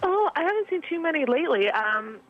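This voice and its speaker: A woman's voice: high voice, sing-song, a little fast, dull audio, over music. A woman calling in to a radio show, friendly and hesitant, with lots of ums. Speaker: phone-in correspondent. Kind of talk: phone call on radio.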